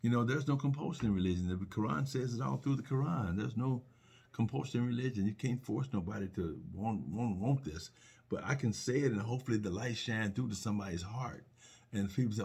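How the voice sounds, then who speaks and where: Husky middle-aged man, earnest and preachy, personal reflection, mid pitch. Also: normal speed, darkish tone. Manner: earnest, repetitive, preachy with restarts and rhetorical questions. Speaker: speaker sharing personal faith reflections.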